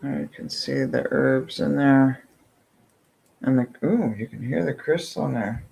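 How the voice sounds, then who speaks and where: A man chatting through an unboxing, gushing with breathy exclamations and whispered asides. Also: medium pitch, unhurried, a little mellow, slight background noise, rough recording. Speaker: vlogger unboxing subscription boxes. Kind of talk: casual unboxing chat.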